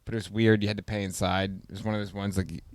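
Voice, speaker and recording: A man hosting a podcast, casually telling a story and acting out the voices with loud exclamations. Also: fairly low pitch, flat delivery, fast, no room sound, studio quality. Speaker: podcast host.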